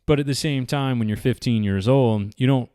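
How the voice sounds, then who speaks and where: A man's voice: medium pitch, moderate pace, dark tone, clear, resonant tone, no room sound, studio quality. A man, telling rambling travel stories to camera in a casual, chatty way. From Southeastern United States. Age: 40s. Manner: rambling, chatty, with many restarts and fillers. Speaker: vlogger. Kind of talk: casual storytelling.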